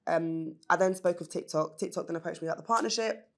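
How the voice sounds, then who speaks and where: A woman's voice: on the low side, fast. A woman who founded a business, talking candidly and earnestly as a podcast guest, often with fillers. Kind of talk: casual interview chat.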